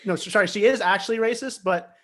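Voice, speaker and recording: A young man with a somewhat high-pitched voice talks casually on a podcast. He tells stories loosely, laughing often and swearing now and then. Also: fast talker, a bit bright. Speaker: podcast co-host. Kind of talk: casual chat.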